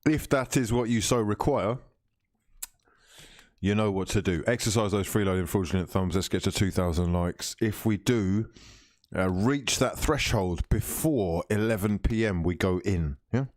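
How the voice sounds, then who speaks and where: A man with a lowish voice hosts a football watch-along stream, chatting loosely and teasing his viewers as he reads their comments. The sound is close and dry, with no room around it. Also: moderate pace, a little mellow, no echo. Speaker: livestream host.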